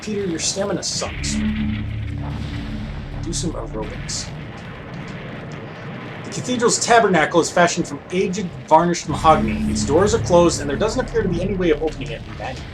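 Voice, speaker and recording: A man's voice: a little high, very animated, moderate pace, pauses often. A man hosting a let's play, reading game text aloud and making wry, joking asides. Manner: wry, joking asides between read-outs. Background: game music.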